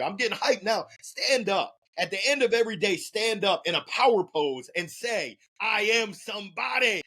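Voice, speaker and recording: A man being interviewed on a podcast as a motivational speaker, urging listeners on with energetic, punchy repeated calls to act. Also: fairly high pitch, slightly rough. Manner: energetic hype-man delivery, exhorting listeners directly; repeats phrases for emphasis, punchy chant-like calls. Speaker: guest, motivational speaker and sales leader.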